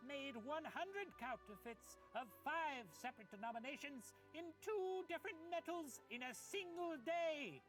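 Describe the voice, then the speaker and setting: Narrator doing pompous old courtroom witness, high and slow, grandiose archaic speech, music underneath. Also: animated, a bit bright. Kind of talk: comic history video skit.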